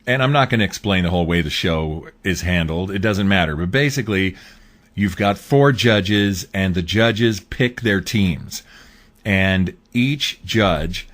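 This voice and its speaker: A man's voice: deep voice, measured pace, a bit bright. A man hosting his own show, talking through a political commentary monologue in a casual, rambling way with fillers. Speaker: host.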